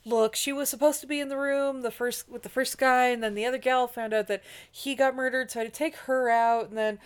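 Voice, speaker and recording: A whiny, stammering sea captain caught out and making excuses, as a woman with a high voice puts him on. He keeps tripping over his words in defensive bursts. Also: fairly even intonation, brisk, clear, resonant tone, close to an everyday voice. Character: flustered male submarine captain making excuses.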